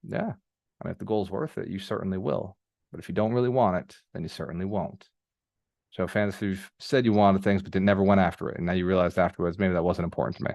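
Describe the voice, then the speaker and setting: Man coaching a group over a call, low voice, dry sound, loose storytelling and casual cursing. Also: quick pace, gravelly, no room sound. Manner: conversational storyteller, animated, casual swearing; audience prompts, repeated phrasing. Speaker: business mentor. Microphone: video call microphone.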